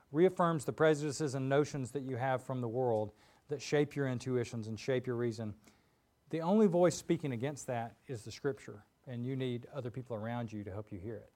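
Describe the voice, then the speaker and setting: A man preaching a sermon in a relaxed, conversational way, full of fillers and asides, in a church. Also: mid-range voice. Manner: informal and chatty, with frequent fillers and asides.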